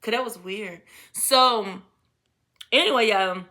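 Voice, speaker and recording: A young woman telling a casual storytime, blunt, profane and animated, full of slang and quoted dialogue. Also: medium pitch, takes it slowly.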